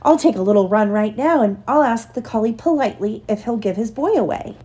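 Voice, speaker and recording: A woman voicing an eager, polite little male puppy in a read-aloud storybook, in a high, hopeful, breathless voice. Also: animated, a little fast, mellow, slightly rough.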